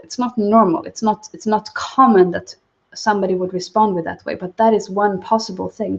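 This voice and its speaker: A woman giving a livestreamed spiritual teaching talk, soft-spoken and calm. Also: medium pitch. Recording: dull lo-fi livestream audio.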